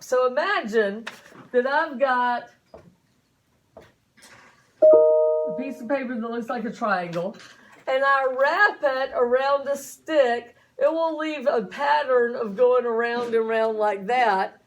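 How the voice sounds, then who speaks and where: Woman science teacher, high voice, folksy and chatty in front of a class. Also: a little hiss or hum. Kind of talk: classroom lecture.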